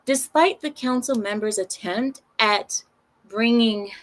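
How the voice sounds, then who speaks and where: Slow, sarcastic woman commentator. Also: on the high side. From Arab heritage. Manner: sarcastic, animated, rambling with many restarts. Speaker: commentary channel host. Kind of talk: casual news commentary.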